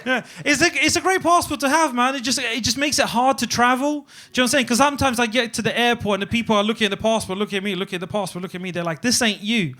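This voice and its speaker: A man's voice: very high voice, racing, few pauses. A young man performing a stand-up comedy set on a club stage, telling stories and acting out the people in them. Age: young adult. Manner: animated storytelling, acts out quoted voices.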